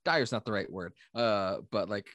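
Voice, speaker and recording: Man, podcast co-host, joking book chat, lively swooping pitch, dry sound. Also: normal speed, no room sound. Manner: joking, animated asides. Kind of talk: casual book discussion.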